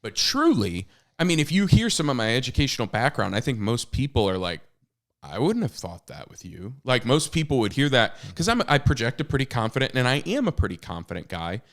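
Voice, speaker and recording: A man's voice: medium pitch, very animated, brisk, a bit bright. A man in his thirties talking candidly on a podcast, telling stories with plenty of fillers and restarts. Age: 30s. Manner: candid, self-deprecating storytelling with many fillers and restarts. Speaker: podcast co-host and author. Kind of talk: casual podcast conversation.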